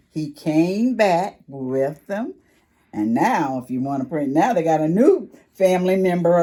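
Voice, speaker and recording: A woman with a gravelly, fairly low-pitched voice reads a picture book to a group of preschoolers at the library. Her storytime delivery is animated, with gasps and whispered asides aimed at the children.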